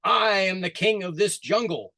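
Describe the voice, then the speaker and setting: A blustering, proud lion king with a quick temper, put on by a man telling a folk tale. He booms his demands in a raised voice, higher than a normal speaking voice, and sounds indignant. The sound is dry and close, as on a video call. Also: animated, breathy edge, no echo, exaggerated voice. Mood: boastful. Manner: loud, commanding, indignant. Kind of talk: storytelling over a video call.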